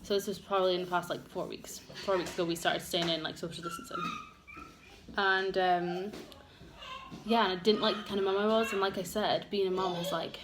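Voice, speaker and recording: Young mum chatting openly at home. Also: female voice, medium pitch, wildly swooping pitch, fairly quick. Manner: open, emotional, rambling with many fillers. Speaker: vlogger. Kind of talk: candid get-ready-with-me chat. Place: home room with children around. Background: noisy household.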